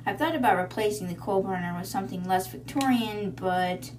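A woman's voice: mid-range voice, brisk, a little mellow, a little hiss or hum, close to an everyday voice. A woman reading the lines of an eager, chatty male submarine engineer, in a voice close to her own.

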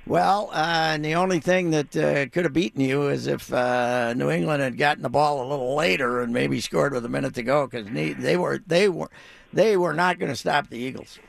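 An older man hosting a radio talk show, chatty and quick to laugh. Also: on the high side, fairly even intonation, vocal fry, no room sound. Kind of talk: casual radio interview.

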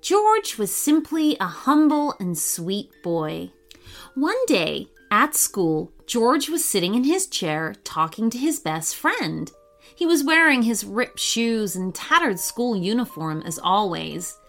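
A woman hosting and narrating a children's story in an expressive, animated read-aloud manner. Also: mid-range voice, takes it slowly, faint music behind. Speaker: host and storyteller.

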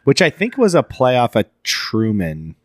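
A man co-hosting a casual podcast chat, playful and trying quick impressions. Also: mid-range voice, huge pitch swings, dry recording. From Iowa. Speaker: podcast co-host.

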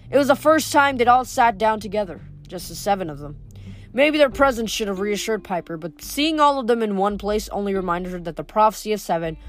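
A woman reading a novel aloud in a steady storytelling voice, stumbling over a word now and then. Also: medium pitch. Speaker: audiobook reader.

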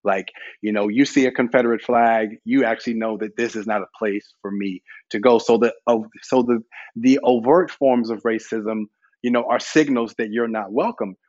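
A man from the American South speaks in a candid, emphatic way on a panel, often leaning on "you know" as he builds his point. The recording is dry and a little dull. His voice sits in a middle pitch. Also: steady tone, normal speed, a little mellow, no room sound. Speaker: panel guest. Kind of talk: conversational panel discussion.

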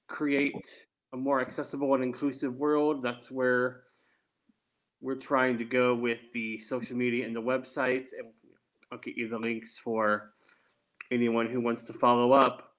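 A man speaks as an interview guest, taking his time over each answer. His voice sits at a middle pitch, and he explains things carefully and deliberately. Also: a bit bright, poor audio. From Texas. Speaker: guest, attorney.

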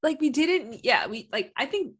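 Young woman on a podcast, chatty and lively, lots of ums and likes. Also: sits high, normal speed. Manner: chatty, animated, lots of fillers. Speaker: podcast host. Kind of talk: casual chat.

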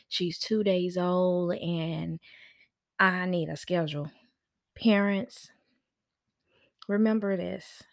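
A woman's voice: lowish voice, darkish tone, no echo, clean studio sound. A middle-aged woman, a nanny hosting a parenting show, giving casual, sassy advice and acting out the people she quotes.

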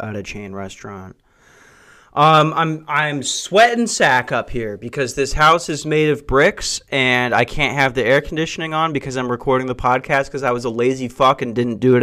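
A man's voice: mid-range voice, sharp tone. Male solo podcast host; crude, profane, self-mocking ranter. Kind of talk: solo comedic podcast rant. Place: hot brick house.

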